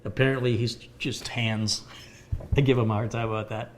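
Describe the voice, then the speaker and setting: A man's voice: medium pitch, fairly even intonation, moderate pace, a little hiss or hum. An American man hosting a live computer repair stream, explaining hardware with everyday analogies as he answers viewer questions. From United States. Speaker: computer repair livestream host.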